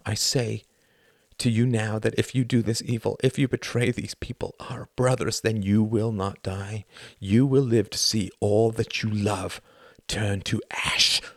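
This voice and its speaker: A man's voice: fairly low pitch, level tone, measured pace, dry recording, studio quality. A man reading an audiobook, voicing an earnest young man who pleads with urgent, solemn intensity.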